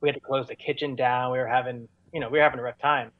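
A man's voice: mid-range voice, fairly even intonation, racing, dry recording, narrow, tinny audio. A man telling stories as a guest in an interview, rambling with many fillers and restarts. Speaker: touring musician guest. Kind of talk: casual storytelling in an interview.

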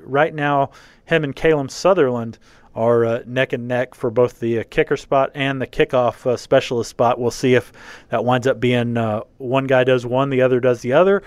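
A man's voice: mid-range voice, steady tone, clear, resonant tone, no room sound. A man hosting a casual sports podcast, talking things through with plenty of fillers and restarts. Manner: halting, many fillers and restarts. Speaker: podcast host.

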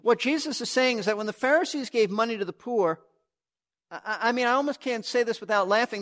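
High-voiced man preaching earnestly. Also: quick pace, fairly bright tone. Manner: earnest, emphatic teaching with frequent restarts. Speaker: pastor. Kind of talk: sermon.

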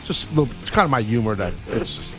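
A man's voice: medium pitch, very animated, fast, over music. A man co-hosting sports radio, rambling in loose slang and calling people dude and bro. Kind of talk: casual sports radio banter.

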